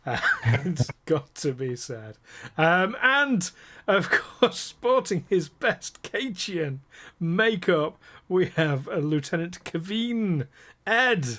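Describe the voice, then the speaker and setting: Male game master host: fairly high voice, slow, jokey, laughs a lot. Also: sing-song, pushed and bright. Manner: jokey, laughs often, teasing players. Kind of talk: hosting a live tabletop game stream.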